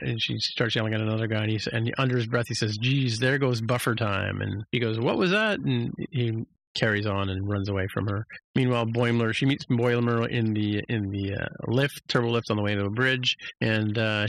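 In a dry recording, a man with a gravelly, fairly bright voice co-hosts a podcast, recapping an episode in casual chat. He restarts often and jumps to a higher voice to act out lines.

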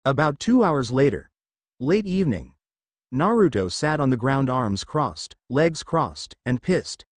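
A man narrating a fan fiction audiobook in an expressive storytelling manner. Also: mid-range voice, a little slow, dry recording.

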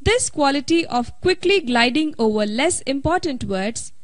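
A woman narrating an English lesson in a slow, deliberate, scripted way. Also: high voice, lively intonation, no echo.

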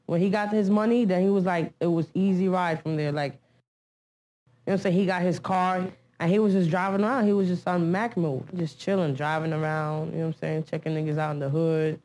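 A woman's voice: fairly low pitch, fairly even intonation, fairly quick, a little mellow. Young woman, slangy, rambling documentary interviewee. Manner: street slang, loose storytelling.

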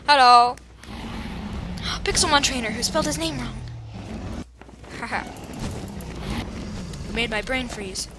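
A woman with a fairly high voice speaks a little slowly and pauses often while commentating on a video game, with background noise present. As a gaming YouTuber, she cracks jokes at fellow players and lets out over-the-top screams and exclamations.

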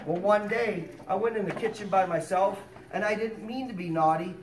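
A man performs a fire safety show for preschoolers, narrating a story in a lively sing-song voice and speaking warmly down to the small children. His voice sits high, brisk and with few pauses. Recorded roomy and distant in a preschool classroom, it carries noise and little kids chattering and responding.

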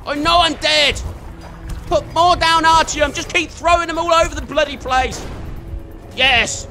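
Man, very high voice, excitable let's play commentary, game music behind. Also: a little slow. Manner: excitable, chatty, swears mildly, talks to the game character. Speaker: gamer.

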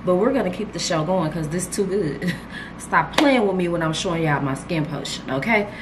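With a lowish voice at normal speed, a woman unboxes gifts for her vlog on a handheld camera, gushing and chatting casually with viewers. Background noise can be heard.

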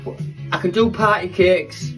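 A man's voice: high voice, steady tone, measured pace, fairly bright tone. A man, chatting casually and telling rambling jokey stories while baking in his kitchen. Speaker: vlogger. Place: home kitchen. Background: rock music playing from a smart speaker.

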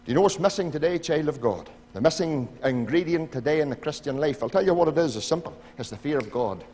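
A Northern Irish man preaches from the pulpit, his voice sitting a little high as he pleads with the congregation. He swings between loud appeals and hushed asides. Long reverb from the church hall trails after every phrase. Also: lively intonation, fast, a little hiss or hum. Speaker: pastor. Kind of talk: sermon. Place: church sanctuary.

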